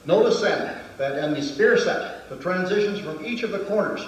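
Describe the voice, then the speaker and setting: A man's voice: high-pitched, lively intonation, moderate pace, slight background noise. Man teaching in an echoey hall. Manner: methodical, counting out movements. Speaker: martial arts instructor. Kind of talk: demonstration lesson. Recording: very echoey hall, distant mic.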